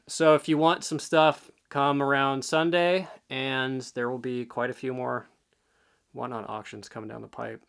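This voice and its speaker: A man's voice: medium pitch, fairly bright tone, smooth. A man talking casually to the camera as a reselling vlogger, offhand and rambling, a bit out of breath. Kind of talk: casual vlog talk.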